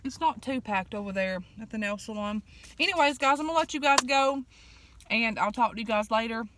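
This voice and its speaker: A woman talks casually to her viewers while eating. She tells family stories in a folksy way, clearing her throat and using fillers, her voice sitting a little on the high side. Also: brisk, background noise. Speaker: vlogger. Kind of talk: casual eat-with-me chat.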